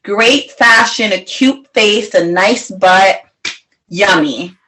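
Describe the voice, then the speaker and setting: A young woman co-hosting a podcast, trading jokes and teasing remarks in a loose, casual conversation. Her voice sits at a middle pitch. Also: takes it slowly, bright, forceful tone, poor audio. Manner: teasing, joking banter. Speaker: podcast co-host. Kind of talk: casual chat.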